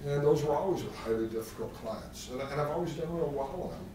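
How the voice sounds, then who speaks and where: A man's voice: on the high side, animated, quick pace. A man giving a live therapy training lecture, with joking, self-deprecating asides. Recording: echoey room, distant mic, faint noise.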